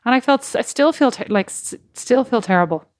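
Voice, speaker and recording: A woman co-hosting a podcast, telling animated, self-mocking stories in casual chat. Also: on the high side, brisk, no room sound, studio quality. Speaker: podcast co-host.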